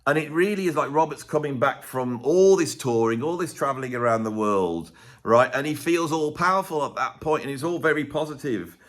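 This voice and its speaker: A man's voice: fairly high pitch, a little fast, fairly bright tone. Rambling man talking music. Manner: rambling and enthusiastic, with many restarts, sometimes reciting lyrics. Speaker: music commentator. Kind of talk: casual track-by-track music analysis.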